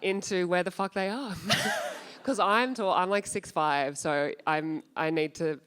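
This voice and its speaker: A woman's voice: on the low side, a little slow, fairly bright tone. A woman comedian as guest on a live stage show, wry and laughing at her own jokes. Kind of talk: comic chat on stage.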